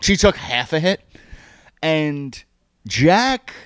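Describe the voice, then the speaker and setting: A man telling a story with a lot of swearing, his pitch jumping high and low as he gets into it. His voice sits a bit high for a man. The recording is dry and close. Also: very slow, clean tone, no room sound. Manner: profane, animated, laughs while telling. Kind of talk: casual chat, telling a funny anecdote.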